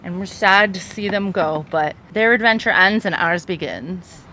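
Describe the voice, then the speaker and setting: A woman hosting a vlog, giving an excited, giggly tour of a small sailboat she is aboard. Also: medium pitch, moderate pace, a little hiss or hum. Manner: excited, giggly, with frequent laughs. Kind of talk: casual tour walkthrough.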